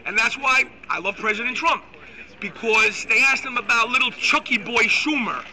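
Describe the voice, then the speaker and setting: A man hosting a live stream, ranting loudly and excitably with crude insults. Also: very high voice, normal speed, low-quality recording. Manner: loud, excitable, profane, insulting. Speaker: host. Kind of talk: live-streamed political rant.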